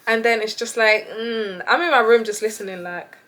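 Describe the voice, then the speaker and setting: A young woman who tells a story in a casual, animated, chatty way and laughs often. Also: a little high, moderate pace. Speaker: vlogger.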